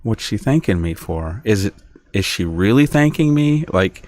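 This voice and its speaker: A man's voice: fairly low pitch, animated, normal speed, darkish tone. A middle-aged man rambling through a solo podcast monologue, often stopping and restarting, sounding aggrieved. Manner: rambling, self-interrupting, aggrieved. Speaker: podcast host.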